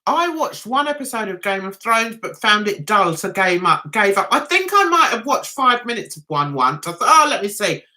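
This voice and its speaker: A woman's voice: medium pitch, sing-song, moderate pace, hardly any pauses, sharp tone. A middle-aged British woman hosting a casual live-stream chat, reading out viewers' comments and laughing at herself. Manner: giggly, chatty, often laughs at herself.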